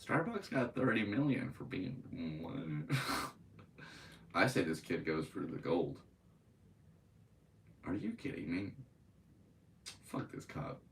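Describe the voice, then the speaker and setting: A man's voice: deep voice, very animated, slow pace, pauses often, recorded from a distance, a little hiss or hum, rough recording. A man hosting a podcast, reading news aloud and breaking into profane, angry commentary. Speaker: podcast host.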